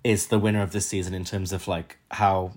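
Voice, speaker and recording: A man co-hosting a podcast, trading playful, wry quips in casual chat. His voice sits somewhat low, and his delivery is relaxed. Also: a little fast, slight background noise. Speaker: podcast co-host.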